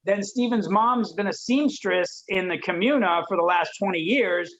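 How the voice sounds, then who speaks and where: A man from Detroit, a podcast guest telling a story in a lively way and acting out the voices of people he quotes. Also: high-pitched, moderate pace, dull audio. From Detroit, USA. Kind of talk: animated storytelling.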